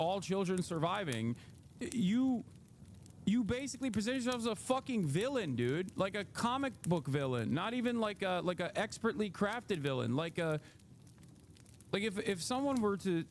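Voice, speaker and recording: A man's voice: high voice, slight background noise. A man in his thirties reacting to clips on a live stream, ranting heatedly and swearing often.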